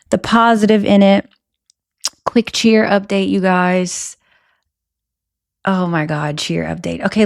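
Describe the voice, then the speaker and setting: Lowish-voiced woman host just rambling thru her week, keeps interrupting herself. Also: creaky. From American South. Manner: chatty, rambling, self-interrupting. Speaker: podcast host. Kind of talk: casual solo podcast chat.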